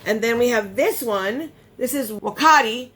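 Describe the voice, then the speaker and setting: A woman beauty vlogger chatting casually while unboxing, rambling and excitable, sometimes gasping. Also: a little high, unhurried.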